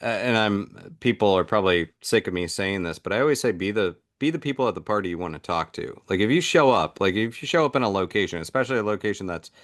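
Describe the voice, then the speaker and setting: A man hosting a casual talk show chat, telling stories and acting out little voices as he goes. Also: low-pitched. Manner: animated, acts out voices in his stories. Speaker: podcast host.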